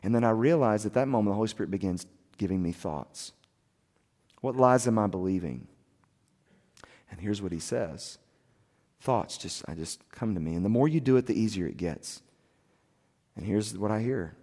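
A soft-spoken man preaching a sermon as a pastor, telling his story in an earnest, confessional way. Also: fairly low pitch, moderate pace, long pauses. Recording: long hall reverb.

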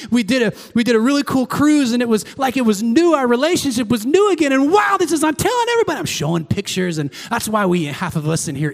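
A middle-aged man preaching a sermon as pastor in a church, swinging from excited shouts to hushed, intimate prayer. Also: very high-pitched, long reverb tail. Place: church sanctuary.

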